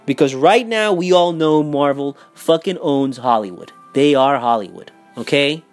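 A young man in a heated, profane, casual rant. He repeats himself and swings between loud outbursts and muttering. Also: a little high, lively intonation, normal speed, soft background music. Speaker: vlogger. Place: home in Miami.

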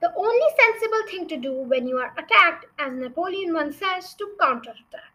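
A woman's voice: extremely high pitch, animated, fairly quick, pushed and bright, poor audio. A young woman reading a children's novel aloud as a storyteller, with chatty asides to her listeners.

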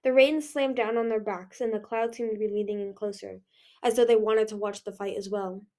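A young woman reading a fantasy novel chapter aloud in an expressive way. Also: mid-range voice, a little fast. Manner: expressive, lively. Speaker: reader. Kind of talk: audiobook-style reading.

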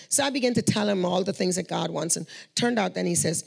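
Husky, gravelly woman telling testimonies. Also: lowish voice, fast talker, hardly any pauses. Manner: earnest, conversational, acts out quoted voices. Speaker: Christian speaker sharing prayer testimonies. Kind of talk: spoken testimony storytelling.

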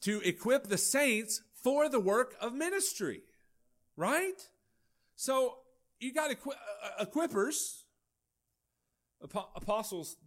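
A male pastor, preaching a folksy, animated sermon with acted-out dialogue. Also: sits high.

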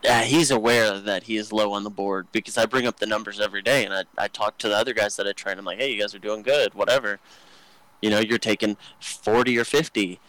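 A man's voice: fairly low pitch, steady tone, fast talker, a bit bright, no room sound, low-quality recording. A young man telling rambling, crude work stories on a podcast, joking and full of fillers. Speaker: podcast co-host. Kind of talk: casual storytelling chat.

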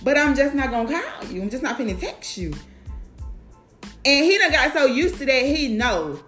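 Blunt, profane woman with a high voice. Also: normal speed. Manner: blunt, profane, animated storyteller. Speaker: mother talking to camera. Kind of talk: casual monologue. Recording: roomy sound with faint music.

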